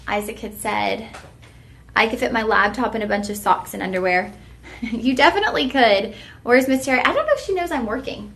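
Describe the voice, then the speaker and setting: A woman's voice: a little high, a bit bright, roomy sound, slight background noise. A woman hosting a live shopping stream, chatty and heartfelt, talking straight to her viewers. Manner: chatty, heartfelt, folksy "y'all" address. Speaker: shopping channel host.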